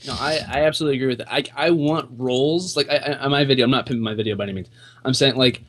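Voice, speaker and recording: Fast-talking young man on a gaming podcast. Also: mid-range voice. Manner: quick, eager, hedging with "like". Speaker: podcast panelist. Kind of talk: casual gaming podcast chat.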